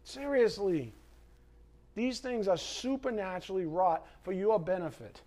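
A man's voice: high voice, measured pace. A man preaching a sermon as pastor, impassioned, with sarcastic asides to the congregation. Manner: impassioned, swings from quiet to loud.

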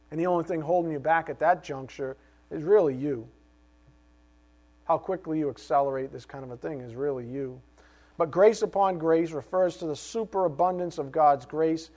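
A middle-aged male pastor preaching a sermon, animated, with rhetorical questions and joking asides. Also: a little high.

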